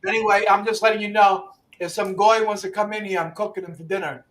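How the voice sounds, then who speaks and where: Brash high-voiced New York man. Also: fairly even intonation, quick pace, far from the mic. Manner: brash, loud and repetitive, swearing often. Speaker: livestream host. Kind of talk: casual profane chat.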